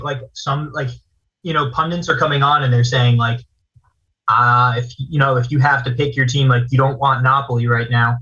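A man co-hosting a casual sports podcast, telling animated stories and swearing casually. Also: medium pitch, muffled recording. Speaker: podcast co-host. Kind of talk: casual chat.

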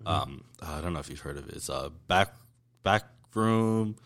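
A man's voice: deep voice, animated, moderate pace, a bit bright. A man co-hosting a podcast in casual chat, joking and tripping over his words. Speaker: podcast co-host.

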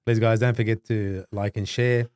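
A man hosting a podcast, thanking his guest warmly in casual chat. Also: lowish voice, flat delivery, moderate pace, dry recording, studio quality. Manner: warm thanks, brief affirmations. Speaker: podcast host.

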